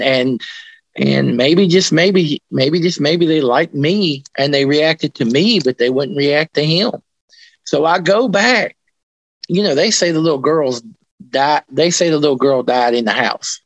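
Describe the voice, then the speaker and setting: A man telling ghost stories in an interview, rambling and restarting his sentences, animated as he tells them. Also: a little high, dry recording, muffled recording. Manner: rambling, with many restarts and colloquial grammar. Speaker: interviewee, paranormal investigator. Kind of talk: casual storytelling interview.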